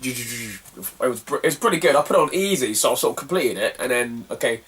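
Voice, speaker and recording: A young Cornish man, recorded far from the mic, rambles through a slangy anecdote as a retro gaming vlogger, laughing often between phrases. His medium-pitched voice is expressive, brisk and a bit bright.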